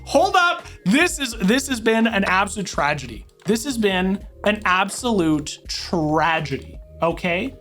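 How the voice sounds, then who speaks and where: A woman's voice: medium pitch, fairly bright tone. A woman commentating her own online chess game as she plays, thinking aloud move by move with dramatic outbursts. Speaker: chess streamer. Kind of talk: live commentary while playing online chess.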